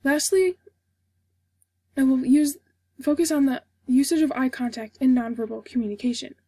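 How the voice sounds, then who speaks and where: A young woman with a high yet mellow voice delivers a prepared class speech, steady and formal as she reads from her script. Her tone is a little husky, and the recording is dry and close, with no room sound. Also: moderate pace, no room sound. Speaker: student giving a class speech. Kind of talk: read informative speech.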